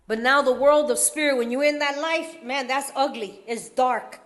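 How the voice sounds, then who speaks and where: Speaking at normal speed, a woman from California shares her recovery story with a meeting crowd in loose street slang. Her high voice is a bit bright, and she jokes through the hard moments, often breaking into laughter.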